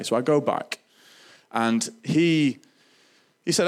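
Male speaker, earnest testimony delivery, somewhat low voice, halting with restarts. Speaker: Christian speaker sharing testimony. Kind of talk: personal testimony storytelling.

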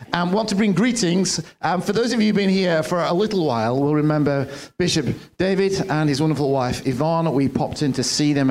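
A pastor with a slightly raised pitch preaches earnestly to his congregation. He talks from the church platform and now and then restarts his phrases. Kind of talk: sermon.

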